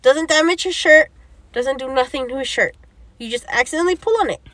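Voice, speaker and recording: High, bright, animated young woman. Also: a little fast, no room sound. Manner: animated storytelling, acts out quoted lines, swears often. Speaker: podcast co-host. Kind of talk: casual chat.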